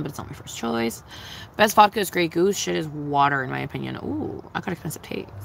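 A woman's voice: deep voice, gravelly, a bit bright, slight background noise, low-quality recording. A young woman chatting casually on a livestream, answering her chat in a blunt, profane, giggly way.

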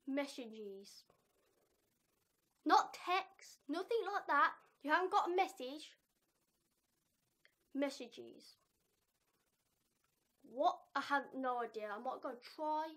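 A young woman talking casually in a reaction vlog, animated and self-mocking, laughing often. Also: sits high, takes it slowly, long pauses. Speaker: vlogger.

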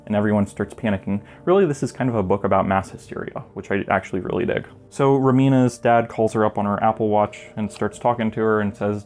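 A man's voice: lowish voice, quick pace, hardly any pauses, a little mellow, faint music behind. A man recapping a manga in a casual, joking way, full of rambling asides. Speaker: video essayist reviewing a manga.

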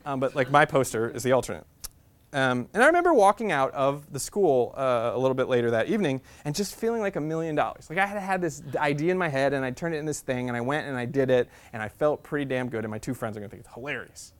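A man's voice: mid-range voice, animated, fast. Man in his thirties telling funny stories. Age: 30s. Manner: self-deprecating, chatty, full of "like" fillers. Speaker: guest speaker. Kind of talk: humorous personal storytelling talk. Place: university classroom.

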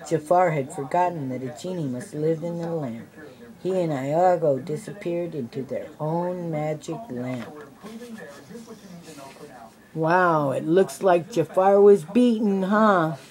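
An older woman reading a children's storybook aloud, adding gentle asides for the listening kids. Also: sits low, takes it slowly, a crowd in the background, low-quality recording. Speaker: storybook reader.

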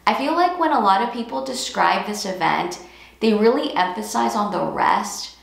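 An earnest woman teaches a devotional lesson, leaning hard on phrases she repeats. Her voice carries a gravelly fry at mid pitch. She sounds like she is in an echoey room. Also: animated, normal speed. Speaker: Christian teacher. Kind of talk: devotional teaching with scripture reading.

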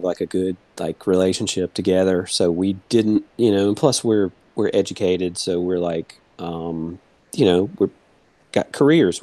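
A man in his thirties speaks in a low, mellow voice, dry and close to the mic. He rambles through a personal story in casual interview talk, leaning on "like" and "you know". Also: no room sound. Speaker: guest.

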